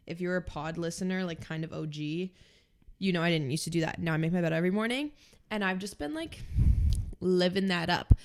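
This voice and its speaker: Chatty young woman podcast co-host. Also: on the low side. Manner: chatty, many "like" fillers. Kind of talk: casual chat.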